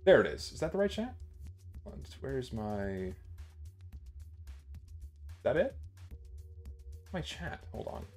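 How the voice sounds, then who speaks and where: A man's voice: medium pitch, sing-song, takes it slowly, pauses often, darkish tone, faint music behind. Muttering, foul-mouthed male streamer. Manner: swears often, mutters to himself while fiddling with settings. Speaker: livestreamer. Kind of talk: live stream chatter.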